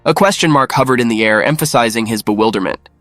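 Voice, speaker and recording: Male narrator, mid-pitched, even matter-of-fact read, dry close sound. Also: fast, no room sound, soft background music. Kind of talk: scripted narration.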